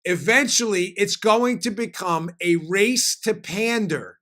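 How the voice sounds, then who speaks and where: A man's voice: high voice, sharp tone. A man hosting a political talk show, speaking emphatically in punchy bursts. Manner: emphatic, fast-shifting, punchy delivery. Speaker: host.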